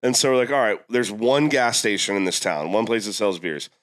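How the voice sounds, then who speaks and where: A young man from Florida telling a long, animated story on a podcast, jumping his voice up high when quoting people. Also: a little fast. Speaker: podcast guest. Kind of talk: casual storytelling.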